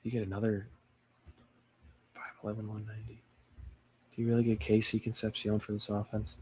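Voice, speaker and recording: A man's voice: on the low side, completely flat delivery, brisk, breathy edge. A young man hosting a solo mock draft breakdown, thinking aloud with hesitant restarts. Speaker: sports channel host.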